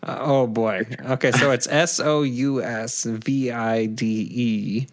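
A man's voice: medium pitch, steady tone, slow. A man co-hosting a casual podcast, easygoing and laughing along. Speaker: podcast co-host.

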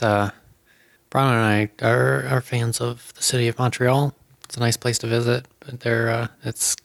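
A man co-hosting a podcast, laid-back, giving dry short replies and telling his own stories calmly. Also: mid-range voice, gravelly. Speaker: podcast co-host. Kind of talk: casual chat.

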